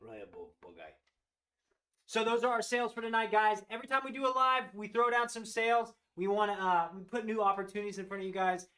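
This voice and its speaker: A man with a notably high voice hosts a live-stream showcase. He talks with eager enthusiasm, praising each animal as he goes. He often circles back and restarts his sentences. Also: steady tone, fast talker, hardly any pauses, pushed and bright. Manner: enthusiastic, gushing over animals. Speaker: host of a live reptile sales show.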